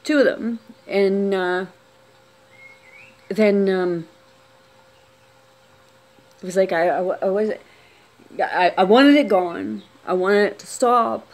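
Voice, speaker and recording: A woman telling a personal story on camera, unscripted, talking quietly with many restarts and trailing phrases. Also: mid-range voice, slow, pauses often.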